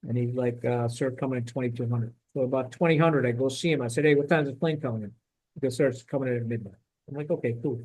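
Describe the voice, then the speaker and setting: A middle-aged veteran Marine tells a war story quickly in a medium-pitched voice, chatting casually on a podcast. He is animated, swears occasionally, and acts out others' words, all on a low-quality recording.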